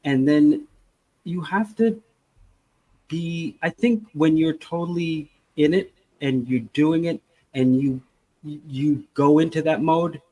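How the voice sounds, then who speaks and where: Animated, rambling man with a higher voice. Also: slow, muffled recording. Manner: animated, rambling storyteller who acts out little scenes. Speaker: podcast co-host. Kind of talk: casual podcast chat.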